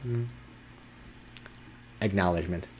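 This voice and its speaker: A man narrating as game master in a tabletop game, halting with fillers and restarts. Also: low voice.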